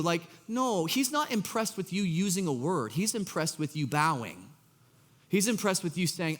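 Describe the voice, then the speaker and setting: A man preaching a sermon as pastor, conversational and animated, with frequent restarts. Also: on the high side, moderate pace, long reverb tail. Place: church auditorium.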